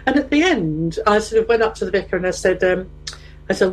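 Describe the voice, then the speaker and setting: A middle-aged woman tells a funny anecdote in a relaxed conversation. She talks at an ordinary pitch and keeps the telling lively, slipping into the voices of the people she quotes. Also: a little fast, a little hiss or hum, poor audio. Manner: animated storyteller who acts out quotes. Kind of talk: casual chat, storytelling.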